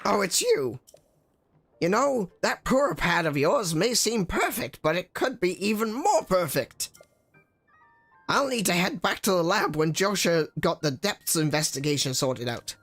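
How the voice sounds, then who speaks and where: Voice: mid-range voice, big pitch swings, unhurried, a bit bright, soft background music, pitched above the performer's own voice, exaggerated voice. A streamer voicing an eccentric older male inventor in a game, fussy and stammering, fretting over his young student. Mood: fussy, excitable.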